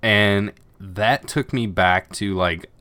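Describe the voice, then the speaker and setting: A man co-hosting a casual podcast chat, acting out scenes in quick put-on voices. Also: fairly low pitch, bright, forceful tone, dry recording. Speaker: podcast co-host.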